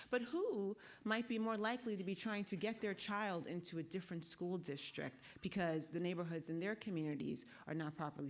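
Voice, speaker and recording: A woman with a low-pitched voice gives a conference panel talk as a law professor. She lectures in an easy, conversational way and keeps checking in with the audience through quick tag questions. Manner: walks the audience through a guided exercise.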